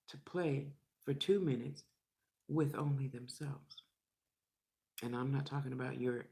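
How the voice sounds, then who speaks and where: A woman's voice: extremely low pitch, gravelly, a little mellow. An older woman chatting frankly into her vlog while she eats, laughing often. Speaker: vlogger. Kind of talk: casual chat while eating.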